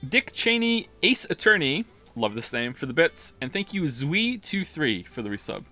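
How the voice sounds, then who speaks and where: A man's voice: on the high side, big pitch swings, moderate pace, bright, forceful tone. A man streaming a game live, chatting casually, rambling and interrupting himself while reading chat aloud.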